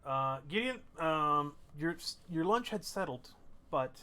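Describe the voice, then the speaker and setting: A man narrating a tabletop game as game master, rambling and halting with many fillers. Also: fairly high pitch, expressive, pushed and bright, clean tone.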